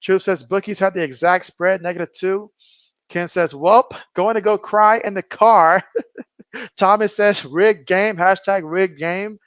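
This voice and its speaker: High-voiced guy reading live chat. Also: unhurried, no echo. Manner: reads viewer comments aloud, excitable on big plays. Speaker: live stream host doing play-by-play. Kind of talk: casual sports commentary and chat reading.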